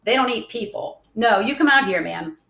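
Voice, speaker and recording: A gentle, earnest runaway boy with a soft way of talking, as a woman reads him aloud. Her voice sits a little high, and the room adds a clear echo. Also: animated, moderate pace. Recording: roomy echo.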